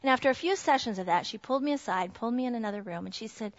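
Her voice fairly high, expressive and racing, a middle-aged woman tells her Christian testimony to a mothers' group with earnest, heartfelt storytelling. The setting is a meeting room with a group of women, and the recording sounds dull and lo-fi.

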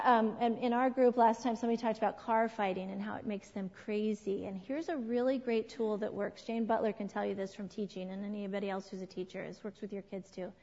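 A middle-aged woman leading a church parenting class. She talks in an animated way, asks the group questions and acts out what people said. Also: on the high side. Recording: dull lo-fi sound with long hall reverb.

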